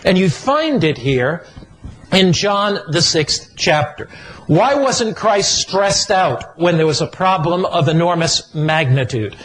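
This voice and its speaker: A man delivers a sermon in a high voice. He preaches slowly and deliberately, building emphatic, repeated phrases. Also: animated, a bit bright, poor audio. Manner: emphatic repetitive cadence.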